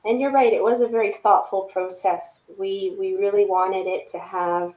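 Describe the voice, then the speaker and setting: Brief: female author guest, mid-pitched, earnest, reflective, checks in with listeners. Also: steady tone, moderate pace, darkish tone, poor audio. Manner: earnest, reflective, frequent "right?" tags. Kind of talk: casual interview chat.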